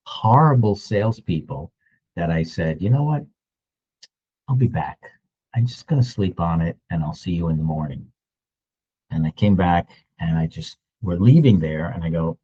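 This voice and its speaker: A low-pitched man in his sixties tells a story in an easy, conversational way, slipping into other people's lines as he goes. His voice is warm and slightly husky. The recording sounds a bit dull and lo-fi. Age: 60s. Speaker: real estate agent. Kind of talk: storytelling vlog.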